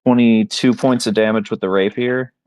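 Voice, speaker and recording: Deep-voiced man playing a tabletop game. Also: fairly even intonation, normal speed, a little mellow, clean tone, no room sound. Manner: casual, swears freely, describes his character's moves. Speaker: player. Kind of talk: casual tabletop game play.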